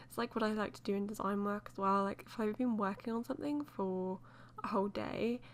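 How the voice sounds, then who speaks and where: A woman's voice: mid-range voice, fairly even intonation, a little fast, slight background noise. A woman chatting loosely as she voices over a game build, rambling with many fillers and light laughs. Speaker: let's play host.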